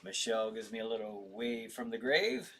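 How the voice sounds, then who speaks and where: A man's voice: fairly low pitch, expressive, moderate pace, pushed and bright, a little hiss or hum. A tired man hosting a casual horror livestream, reading viewer comments and rambling with frequent restarts.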